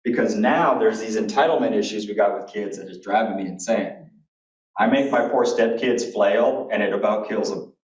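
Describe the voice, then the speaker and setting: A man's voice: on the low side, moderate pace, recorded from a distance. A man giving a keynote talk, telling blunt, humorous stories in a folksy way. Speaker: keynote speaker. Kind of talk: animated storytelling talk. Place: conference hall. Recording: echoey, dull room recording from afar.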